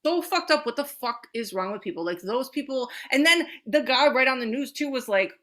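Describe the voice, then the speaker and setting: Bright-voiced, swearing woman podcaster. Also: high-pitched, fairly quick. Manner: animated, profane storytelling. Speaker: podcast co-host. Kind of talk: casual chat.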